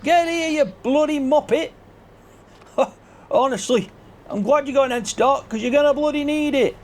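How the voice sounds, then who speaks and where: A man putting on a raging high-voiced farmer. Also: moderate pace. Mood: furious. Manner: ranting, threatening, yelling. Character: furious shouting male farmer, hot-tempered. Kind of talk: game video character voice.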